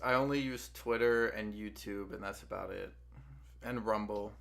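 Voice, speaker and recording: A man's voice: fairly low pitch, steady tone, moderate pace, creaky, a bit bright. A young man co-hosting a stream, chatting casually in a laid-back, slangy way with lots of filler words. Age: young adult. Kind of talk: casual chat.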